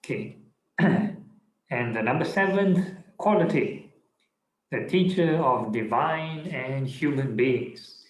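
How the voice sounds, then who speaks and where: A man, a monk, giving a relaxed Buddhist Dhamma talk online, with many fillers and checking in with "yeah?". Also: medium pitch, slow, long pauses, echoey room, rough recording. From Singapore. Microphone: online video call.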